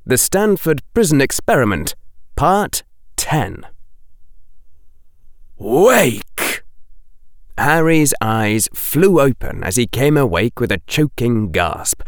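A male narrator reading an audiobook at an unhurried pace. His storytelling is expressive, with lively pitch movement. The recording is dry and close. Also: smooth, no room sound. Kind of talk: scripted narration.

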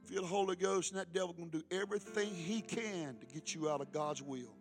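A middle-aged man preaching a sermon as pastor, swinging between loud calls and hushed asides. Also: sits high, brisk, faint music behind.

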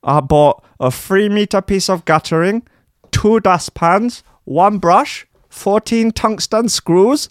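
A man voicing a whiny, boastful male DJ in a high, strained, nasal whine, in a dry room. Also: slow, clean tone, dry recording.

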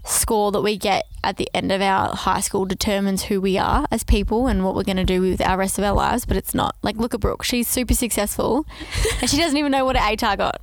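A woman's voice: medium pitch, fairly even intonation, a little fast, few pauses, no echo. A woman hosting a casual podcast chat, enthusiastic and chatty. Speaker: podcast host.

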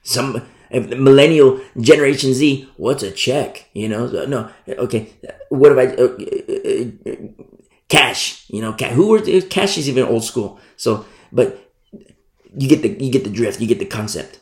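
A male pastor preaching a sermon, acting out grumbling church members in a conversational, animated way. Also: mid-range voice, normal speed, echoey room. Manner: animated, acts out congregation's grumbling.

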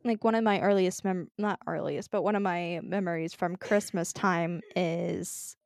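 A woman's voice: on the low side, steady tone, measured pace, vocal fry, darkish tone, dry recording, studio quality. A woman co-hosting a podcast in casual chat, giggly and emotional, laughing often. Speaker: podcast co-host.

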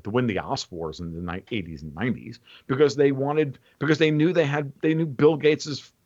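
A man in casual opinionated chat, rambling and animated, restarting often. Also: medium pitch, lo-fi sound.

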